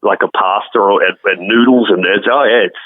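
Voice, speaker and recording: A man's voice: fairly low pitch, a little fast, dry recording. Man on a tinny call line. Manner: rambling, many restarts and fillers. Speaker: musician guest. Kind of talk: casual interview chat. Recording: tinny phone-like call audio.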